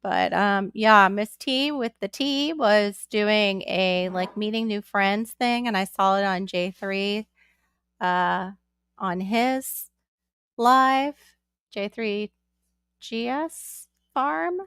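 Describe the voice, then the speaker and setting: A chatty woman hosts a casual live stream from home, rambling from one thing to the next and greeting her viewers one by one. Her voice has a gravelly, creaky edge, and the sound is close and dry with no room echo. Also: medium pitch, slow pace, fairly bright tone. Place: at home with her young son nearby.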